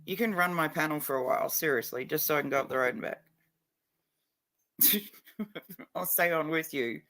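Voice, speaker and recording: A man's voice: on the high side, normal speed, bright, forceful tone, a little hiss or hum. A man chatting casually on a livestream, blunt and heavily profane, a little drunk and stoned. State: tipsy and stoned.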